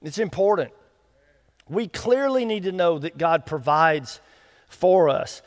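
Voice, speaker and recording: High-voiced man preaching in a reverberant church. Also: slow. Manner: lively storytelling preacher, acts out quotes, folksy asides. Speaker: associate pastor. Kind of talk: sermon. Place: church sanctuary. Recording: long reverb of a church hall.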